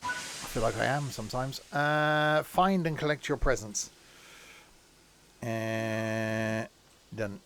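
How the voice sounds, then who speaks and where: A man's voice: medium pitch, takes it slowly, pauses often, a bit bright, a little hiss or hum. A man chatting casually while live-streaming a train game, with joking asides.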